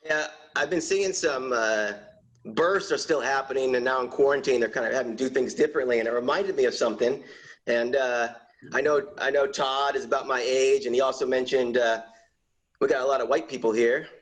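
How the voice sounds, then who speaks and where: A man's voice: mid-range voice, moderate pace, low-quality recording. A man doing a chatty stand-up set over a video call, acting out little voices in his bits. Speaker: stand-up comedian.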